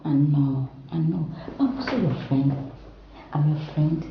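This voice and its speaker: A woman's voice: sits low, a little slow, gravelly, a little hiss or hum. An actress with a Ghanaian English accent playing a motherly aunt who coaxes and reassures a young girl in a film drama. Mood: reassuring. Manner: coaxing, reassuring. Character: motherly aunt, soothing and coaxing. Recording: echoey room, muffled sound.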